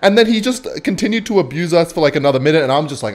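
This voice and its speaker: A gaming channel host, this young man rattles off a rambling, self-mocking anecdote while commenting on his own gameplay, swearing frequently. His voice is a little high, with big pitch swings and a rapid-fire delivery.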